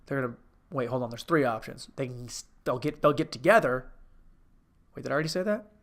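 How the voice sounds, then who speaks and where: Hosting a comedic movie review, a man rambles, cuts himself off and swears casually. His voice is medium-pitched, fairly quick and a bit bright.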